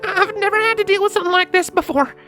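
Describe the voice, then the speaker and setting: A woman voicing a young girl who speaks softly and coaxingly while tending a hurt creature, in a fanfiction audiobook reading. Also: extremely high pitch, fast, faint music behind. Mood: worried. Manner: soft, hushed, coaxing.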